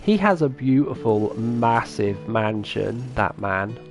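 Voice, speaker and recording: A man's voice: fairly low pitch, lively intonation, takes it slowly, over music. A man streaming a farming game, chatting casually and answering his viewers' comments as he plays. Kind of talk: casual live-stream chat.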